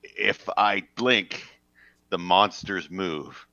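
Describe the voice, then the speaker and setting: A paranoid man, played by a male improviser who is terrified of unseen monsters. His voice is low but bright, and the recording sounds dull and lo-fi. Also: little pitch movement, fairly quick, clear, resonant tone, dry recording. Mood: jittery. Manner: jittery, fearful. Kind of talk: improv comedy scene.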